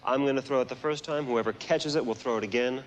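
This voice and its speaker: A man hosting a stage magic show, leading an audience volunteer with playful, smooth patter. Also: mid-range voice, fast talker, a little hiss or hum. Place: theater stage before a live audience. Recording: live TV broadcast with a loud crowd. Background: audience applause and music.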